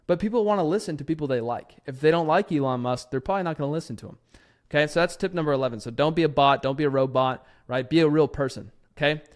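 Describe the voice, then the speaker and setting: A man casually giving copywriting advice to camera, chatty and loose, tagging his points with "right?" and dropping the odd curse word. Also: on the high side. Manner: chatty, keeps adding "right?", swears casually. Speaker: copywriting creator giving tips. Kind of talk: casual talking-head advice video. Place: lives in Tennessee.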